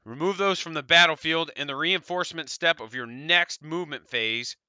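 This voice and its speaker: With a fairly high pitch and normal speed, this man sounds pushed and bright, his tone clean on a dry recording. He co-hosts a podcast, speaking with an American accent in an easygoing, rambling chat about tabletop wargames, with occasional swearing.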